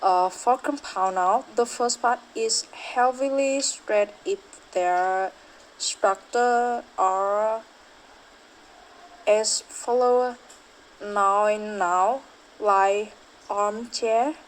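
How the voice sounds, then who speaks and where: A young woman student reads her class presentation at a very slow pace. She is hesitant, often pausing on fillers and correcting herself. Her pitch sits in the middle range. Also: poor audio.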